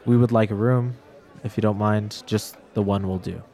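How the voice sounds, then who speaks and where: A man voicing Suzette, a curt, dismissive adventurer woman, in his own low voice in a tabletop game. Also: fairly even intonation, normal speed, dark tone. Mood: polite. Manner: dismissive, dry.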